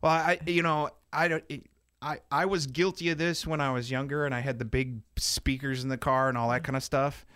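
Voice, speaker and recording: A man's voice: brisk, smooth, no room sound, clean studio sound. A middle-aged man co-hosting a casual chat, joking and playing up being grumpy with big swings in his voice. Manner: joking, mock-grumpy, animated pitch jumps. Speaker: podcast co-host.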